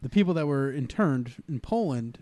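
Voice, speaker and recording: A man's voice: medium pitch, animated, normal speed, dark tone. A man co-hosting a casual podcast chat, crude and joking. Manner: crude, joking, laughs often.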